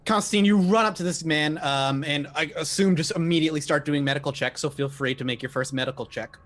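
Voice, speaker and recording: A man's voice: fairly high pitch, quick pace, a bit bright. A man narrating a tabletop horror game as game master, describing scenes in detail with frequent fillers.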